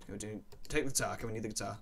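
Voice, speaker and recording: A man commentating his own gameplay, muttering to himself and breaking into excited yelps. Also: lowish voice, racing, slight background noise. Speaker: let's play gamer.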